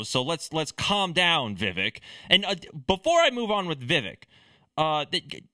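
A man's voice: on the high side, sharp tone, dry recording. A man giving sarcastic, opinionated political commentary in a ranting manner.

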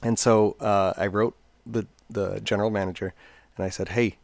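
Brief: low-voiced man, rambling casual storyteller, close dry mic. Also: flat delivery, moderate pace, gravelly, a little mellow, no echo. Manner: rambling, chatty, many fillers. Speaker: podcast co-host.

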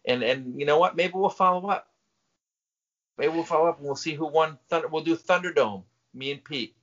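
Teasing podcast dad who interrupts. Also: male voice, on the high side, a bit bright. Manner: teasing, interrupting, quick to laugh. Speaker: podcast co-host. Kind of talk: casual chat. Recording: dull lo-fi podcast audio.

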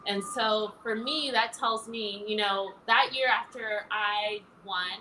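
A woman's voice: mid-range voice, takes it slowly, pushed and bright, slight background noise, poor audio. A woman talking animatedly as an interview guest, laughing often as she tells her story. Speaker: interview guest, former pageant titleholder. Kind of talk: casual interview chat.

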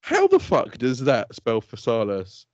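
A man's voice: medium pitch, huge pitch swings, a little slow, dry recording. A man, co-hosting a podcast with sweary, teasing banter. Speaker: podcast co-host. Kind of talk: casual banter. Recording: dry, dull lo-fi recording.

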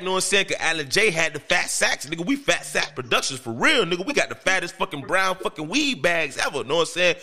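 A man, a podcast host, telling a story in casual chat in an animated, profane and emphatic way. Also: on the high side. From Miami, Florida.

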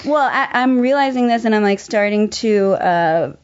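A young adult woman, an actor, telling an animated story in casual chat, laughing often and using many fillers. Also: mid-range voice, moderate pace, clear, resonant tone. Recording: dull lo-fi sound.

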